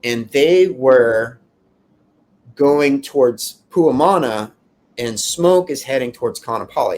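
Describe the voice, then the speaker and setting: A man giving an emotional first-person account of surviving a fire, in an earnest, halting way with many restarts. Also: mid-range voice.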